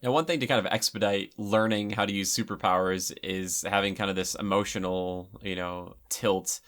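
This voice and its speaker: Chatty low-voiced man giving film commentary. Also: fairly even intonation, moderate pace, a bit bright. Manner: chatty and rambling, with many fillers.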